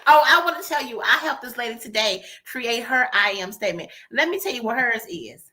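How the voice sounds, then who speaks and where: A woman with a Southern US accent co-hosting a casual online chat, animated and quick to laugh. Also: fairly high pitch, a crowd in the background. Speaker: co-host.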